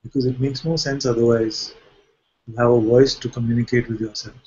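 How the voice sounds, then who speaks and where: Guy leading a satsang, husky and playful, keeps asking questions, muffled lo-fi sound. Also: mid-range voice, fairly even intonation, fairly quick, darkish tone. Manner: playful, questioning, jokes about the mind. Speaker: spiritual teacher. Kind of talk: satsang talk.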